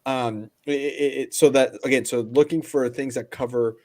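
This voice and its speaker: An easygoing man hosts a podcast, tossing out loose, chatty questions. His voice is at an everyday pitch for a man. He laughs readily between remarks. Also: steady tone, normal speed, darkish tone. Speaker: podcast host. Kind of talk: casual interview chat.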